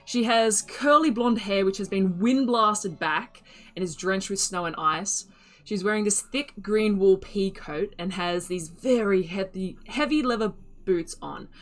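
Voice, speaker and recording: A woman narrating a tabletop fantasy game as game master, telling the scene in a lively, relaxed storyteller's way. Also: medium pitch, measured pace.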